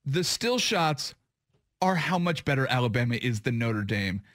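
A man's voice: mid-range voice, lively intonation, normal speed, fairly bright tone, dry recording, clean studio sound. A man co-hosting a sports talk show, chatting casually with emphatic enthusiasm. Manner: enthusiastic, emphatic, says dude a lot.

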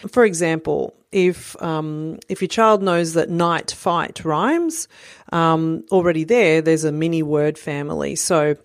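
A woman's voice: deep voice, no echo, clean studio sound. A woman, probably in her thirties, giving a patient, instructional talk to parents, explaining step by step with casual fillers. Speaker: parent educator.

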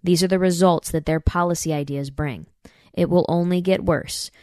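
A woman with a notably low voice hosts a commentary podcast. She talks emphatically and keeps turning to her listeners with "you guys". The sound is dry and close, with no room echo. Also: fairly even intonation, moderate pace, mellow. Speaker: podcast host. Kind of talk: political commentary.

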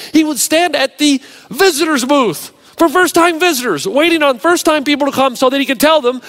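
A man pastor preaching a sermon, telling stories with an animated, varied delivery. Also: very high-pitched.

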